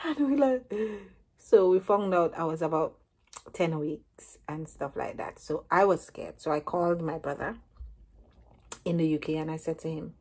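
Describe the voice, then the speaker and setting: A woman in her thirties telling a personal story to camera as a vlogger, lively and acting out what each person said. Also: low-pitched, measured pace, pauses often, breathy edge. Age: 30s.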